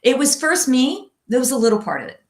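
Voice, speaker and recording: A woman chatting as a podcast guest, telling stories in an animated way and laughing often. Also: high-pitched, a little fast. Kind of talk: casual conversation. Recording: echoey room sound.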